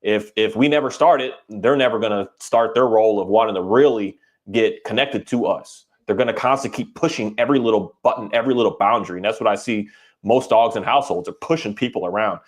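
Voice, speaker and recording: A man in casual podcast conversation who talks earnestly and rambles, often acting out what owners and dogs would say in a higher voice. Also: fast.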